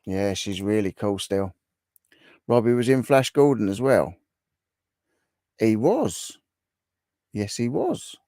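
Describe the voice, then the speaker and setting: A man's voice: fairly low pitch, big pitch swings, takes it slowly, long pauses, dark tone, dry recording, clean studio sound. A man hosting a casual livestream, reading viewer comments aloud and chatting with them in a bantering, repetitive way. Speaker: livestream host.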